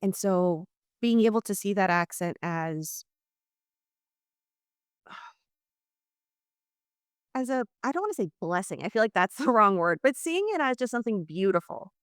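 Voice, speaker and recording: Unhurried and pausing often, this mid-range woman's voice comes through clean-toned with no room sound at studio quality. A leadership communication coach and interview guest from New Orleans, Louisiana, she explains her ideas on a video call, bringing quoted exchanges to life with animated voices.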